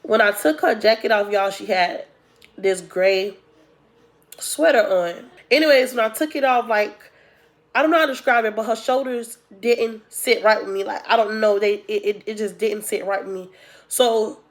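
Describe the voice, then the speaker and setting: A woman's voice: mid-range voice, moderate pace. A young woman telling a personal story to her viewers in a casual, chatty way, talking to them as y'all. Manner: chatty, addresses viewers as y'all, acts out quotes. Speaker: storytime vlogger.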